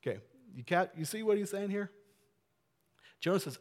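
A man preaching a sermon, telling the story with lively swings between loud and soft. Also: sits high, normal speed, pauses often. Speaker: pastor. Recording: long hall reverb.

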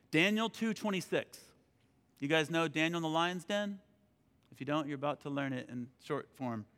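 A man preaching a sermon, telling a scripture story in an animated way and acting out the characters. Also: fairly high pitch. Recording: long hall reverb.

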